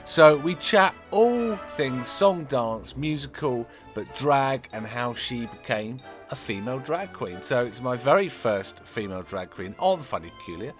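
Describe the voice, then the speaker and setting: A man hosting a podcast, chatty and rambling with many fillers, his voice lowered by a slight cold. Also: animated, unhurried, hardly any pauses, soft background music. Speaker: podcast host. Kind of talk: casual interview chat.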